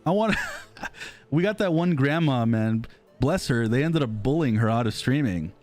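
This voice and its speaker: A man's voice: mid-range voice, expressive, normal speed, a little mellow, faint music behind. A man in his thirties with an American accent, chatting casually with viewers on a live stream, rambling and self-deprecating. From United States. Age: 30s. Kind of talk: casual live-stream chat reading comments.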